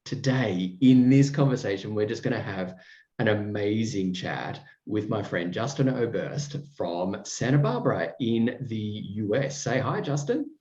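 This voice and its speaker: A man's voice: lowish voice, lively intonation, measured pace, darkish tone. A man hosting a podcast, chatting with a guest in an effusive, rambling way full of fillers and restarts. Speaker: podcast host. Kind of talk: casual chat with a guest. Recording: roomy, dull sound.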